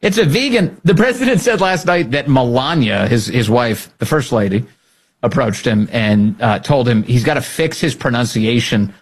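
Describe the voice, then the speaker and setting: Male podcast host, husky, sarcastic, animated, political commentary. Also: medium pitch, normal speed. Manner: sarcastic, animated, laughs often.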